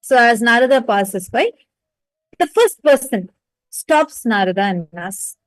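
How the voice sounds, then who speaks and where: A woman telling a devotional story as a spiritual teacher, animated and addressing listeners directly. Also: a little high, unhurried, no room sound, low-quality recording.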